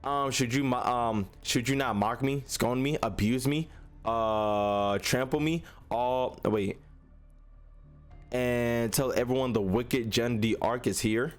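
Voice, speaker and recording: A man gives voice to a vengeful young witch-saint who mocks and threatens in a slow, sneering tone. The delivery stays close to an everyday male voice with a middling pitch, read from game dialogue. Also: faint music behind, close to an everyday voice. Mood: taunting.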